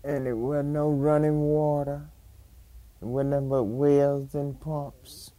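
A woman's voice: low voice, level tone, takes it slowly, dark tone, dry recording. An older woman, reminiscing in an oral history interview, rambling and chuckling as she tells stories. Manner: rambling storytelling, frequent chuckles.

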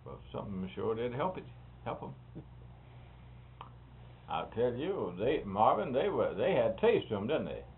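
Older man, gravelly, lively swooping delivery, tinny noisy tape. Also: medium pitch, recorded from a distance. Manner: folksy storytelling, drawn-out phrasing. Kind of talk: casual chat. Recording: tinny phone-like recording with noise.

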